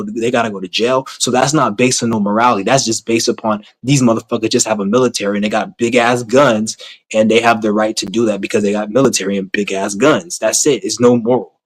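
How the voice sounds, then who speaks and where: A man's voice: medium pitch, poor audio. A man ranting to his camera in a blunt, rambling, heavily profane way, repeating himself as he goes. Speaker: vlogger.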